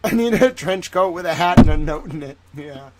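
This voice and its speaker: A man's voice: a little high, lively intonation, normal speed, a little mellow, a little hiss or hum. Rambling streamer man with a Southern drawl. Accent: put-on Southern US drawl. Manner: rambling, heavy use of "like", joking asides. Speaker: live-stream legal commentator. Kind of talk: casual livestream commentary.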